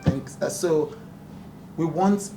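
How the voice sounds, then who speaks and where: A man's voice: a little high, takes it slowly. A man, a talk show host speaking earnestly and emphatically at a press conference, often breaking into laughter. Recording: echoey room, distant mic, background noise.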